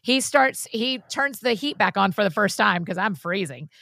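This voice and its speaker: A woman co-hosting a podcast, telling a story in an animated, heartfelt way and sharing her faith. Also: medium pitch, moderate pace, vocal fry, no room sound, studio quality. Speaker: podcast co-host. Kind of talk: casual chat and storytelling.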